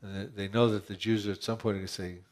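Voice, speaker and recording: Man, pastor, sermon, conversational, rhetorical questions, restarts, lowish voice. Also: flat delivery, fast talker.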